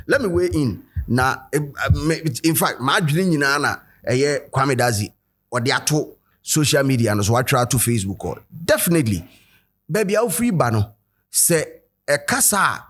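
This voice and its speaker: A man with a Ghanaian accent hosting a commentary video, switching between English and Twi and reading quotes aloud. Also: mid-range voice. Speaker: host.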